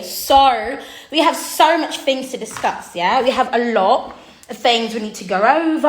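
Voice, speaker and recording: A woman's voice: high-pitched, fairly bright tone, echoey room. A woman with a Jamaican accent chatting casually on a livestream, sassy and talkative, calling her viewers honey and baby. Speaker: makeup artist and livestream host. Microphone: phone on a makeshift tripod.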